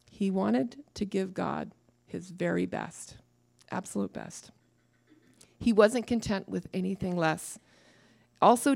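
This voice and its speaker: A woman preaching a sermon to a church, lively and laughing at her own asides. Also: mid-range voice, vocal fry.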